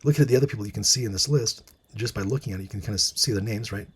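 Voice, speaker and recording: Husky guy rambling through a casual talk, lots of ums and restarts. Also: lowish voice, rapid-fire. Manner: musing, many fillers and restarts, reads from articles. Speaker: host. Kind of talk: casual monologue commentary.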